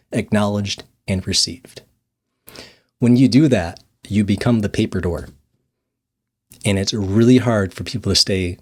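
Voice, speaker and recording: A young man casually telling a story in a monologue, laughing often and restarting his sentences. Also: lowish voice. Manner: rambling, laughs often, restarts and repeats words. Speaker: vlogger.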